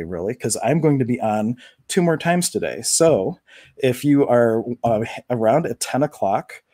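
A man hosts a live stream and talks casually to his viewers, wandering from story to story with plenty of fillers. His voice sits low and sounds mellow and dark. The recording is dry and close. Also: slightly rough, no echo. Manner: relaxed, conversational, rambling with fillers. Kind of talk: casual spiritual talk to viewers.

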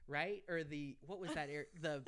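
A young man hosting a podcast, telling rambling, animated work stories with swearing and laughter. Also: a little high, normal speed, clean tone. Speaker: podcast host. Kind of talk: casual storytelling chat.

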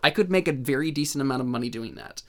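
A man's voice: mid-range voice, fast, a bit bright. A young man co-hosting a casual podcast chat, rambling and often restarting his sentences. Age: young adult. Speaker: podcast co-host.

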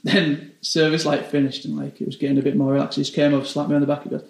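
A young British chef telling stories in a casual interview, rambling and filling every phrase with "like". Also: male voice, a little high, level tone, racing, creaky, reverberant. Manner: rambling, says 'like' constantly.

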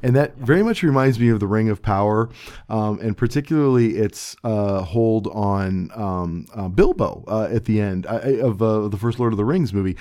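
Male podcast host, relaxed darkish voice, halting casual delivery. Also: on the low side. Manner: hesitant, halting with many fillers. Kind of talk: casual discussion.

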